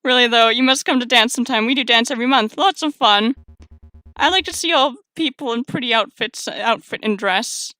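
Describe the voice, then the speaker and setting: A woman's voice: on the high side, brisk, sharp tone, dry recording. A woman voicing a sweet, shy male yeti who talks in broken English and says "da" and "nyet", reading game dialogue aloud.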